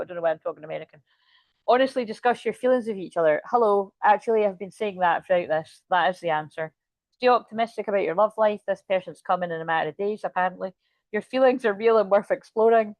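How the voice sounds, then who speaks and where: A woman's voice: mid-range voice, quick pace, no room sound. Chatty woman reading tarot. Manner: chatty, rambling, swears casually. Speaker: tarot reader.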